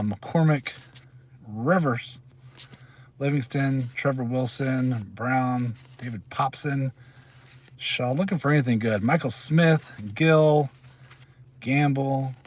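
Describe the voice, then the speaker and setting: A middle-aged man hosting a casual live stream from his parked car, chatting and rambling as he reads out names. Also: medium pitch. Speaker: channel host.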